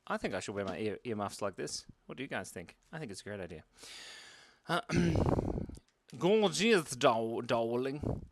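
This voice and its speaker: A man's voice: fairly low pitch, big pitch swings, brisk, creaky, heavy background noise. A man hosting a live drawing stream for kids, chatting playfully and rambling with self-mocking jokes. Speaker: livestream drawing host for kids. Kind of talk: casual live-stream chat.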